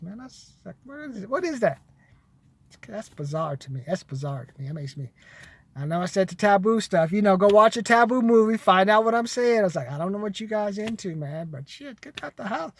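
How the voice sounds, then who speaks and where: Blunt high-voiced man vlogging. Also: creaky. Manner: blunt, profane, preachy. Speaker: vlogger giving money advice. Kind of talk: casual monologue to camera.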